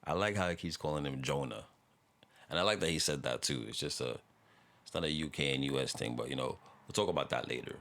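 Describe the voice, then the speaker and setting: A man's voice: extremely low pitch, fast, a bit bright. A man hosting a music reaction video, talking in a laid-back, rambling way with frequent laughs and casual swearing.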